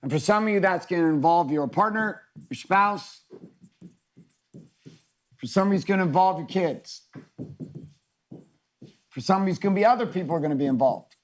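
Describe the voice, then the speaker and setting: A man's voice: high-pitched, normal speed, long pauses. Casual profane man coaching a workshop. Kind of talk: live virtual workshop talk.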